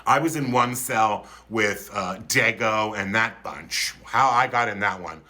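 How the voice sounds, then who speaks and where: At a measured pace and in a bright, forceful tone, a fifty-something Philadelphian recounts something funny to his livestream audience. Theatrical and flamboyant, his camp storytelling is marked by sudden leaps into a high pitch.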